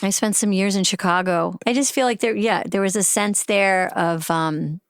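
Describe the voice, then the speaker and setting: A woman with a Boston accent hosting a casual interview podcast, asking quick questions and joking playfully. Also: medium pitch, smooth, dry recording, studio quality. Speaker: podcast host.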